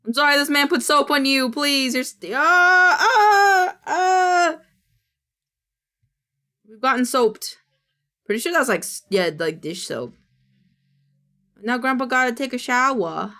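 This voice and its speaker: A young woman streaming, chatting casually and reacting to clips, high and loose, swearing and squealing. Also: normal speed, sharp tone. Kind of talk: casual chat reacting to videos.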